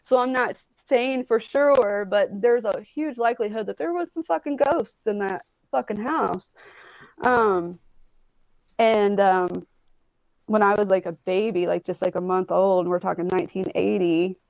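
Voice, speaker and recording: A woman's voice: medium pitch, unhurried, vocal fry, darkish tone, no echo. Woman in her 40s rambling on a video call, dull lo-fi sound, dry. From Indianapolis, USA. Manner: rambling storyteller, swears freely, many "like" and "um". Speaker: guest. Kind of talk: casual chat. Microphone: phone or tablet on a video call.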